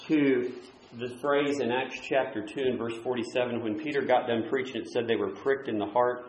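A man preaching a sermon, moving between loud, emphatic points and quieter asides. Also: medium pitch, fairly even intonation, normal speed, echoey room. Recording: dull lo-fi recording.

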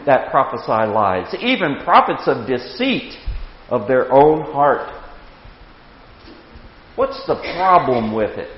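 A man in his sixties teaching a Bible class with anecdotes, animated, chuckling and repeating words as he starts sentences. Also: mid-range voice, slow pace, long pauses. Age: 60s. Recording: echoey hall, dull lo-fi sound.

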